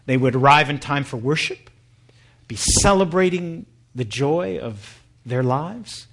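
Conversational pastor, slightly high voice. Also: male voice, expressive, measured pace, fairly bright tone. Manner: conversational, hesitant with ums. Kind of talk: sermon with humorous story.

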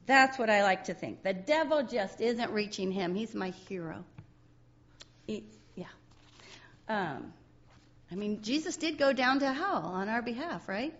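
A woman's voice: mid-range voice, lively intonation, unhurried, long pauses, highs cut off. A woman giving a sermon in a chatty, conversational way, often breaking into laughter.

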